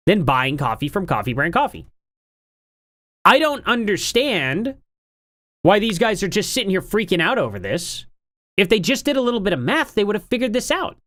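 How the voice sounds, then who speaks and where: Sarcastic woman streamer, low lively voice. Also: no echo, clean studio sound. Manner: sarcastic, rhetorical questions. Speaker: streamer reacting to a debate clip. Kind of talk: casual commentary.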